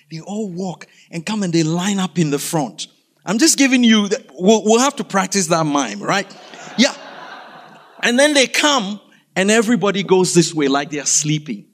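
A male preacher from Africa with a notably high voice. He tells his story animatedly, acting out scenes and breaking into sudden shouts. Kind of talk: storytelling sermon.

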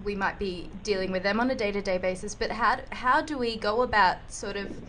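A female interviewer on a radio show asks her questions slowly and hesitantly, stopping to find her words. Her pitch is average, and faint background noise sits behind her voice. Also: bright, forceful tone.

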